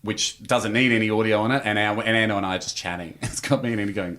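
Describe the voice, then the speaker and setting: An Australian man telling a story as a podcast guest, lively, with big pitch jumps when he acts out quotes. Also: fast, few pauses. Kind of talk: animated storytelling.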